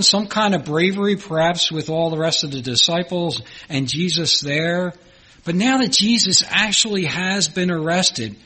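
Husky preacher with a Philadelphia accent. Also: male voice, sits high, pushed and bright, poor audio. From Philadelphia, United States. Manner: earnest, repeats phrases for emphasis. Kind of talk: sermon.

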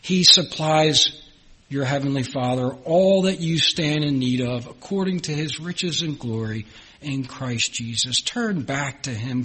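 A man preaching a sermon, reading scripture earnestly, rising and swelling on key lines and dropping low and soft at the close. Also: slightly rough. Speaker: pastor.

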